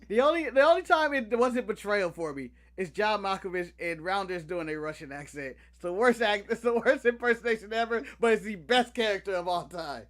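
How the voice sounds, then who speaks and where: An excitable young American man co-hosts a casual chat, with a bright, forceful tone. He jokes constantly and breaks into laughter and sudden shouts. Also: high voice, a little fast, few pauses. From United States. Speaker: podcast co-host.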